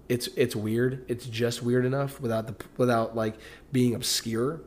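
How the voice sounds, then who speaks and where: A man's voice: medium pitch, steady tone, measured pace, a little mellow. A young American man who is a parent, chatting casually with a loose, profane, emphatic storytelling style. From United States. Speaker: parent, co-host. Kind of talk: casual chat.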